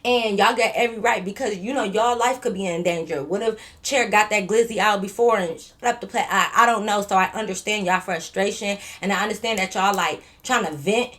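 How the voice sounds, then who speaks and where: A woman vlogger telling a story in a casual, animated, profane way, repeating herself and stuttering a little. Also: mid-range voice, brisk, few pauses.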